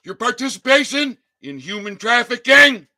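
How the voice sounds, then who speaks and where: A man delivering an angry ranting monologue, swinging between shouting and low muttering, with heavy profanity. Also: expressive, moderate pace. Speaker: channel host.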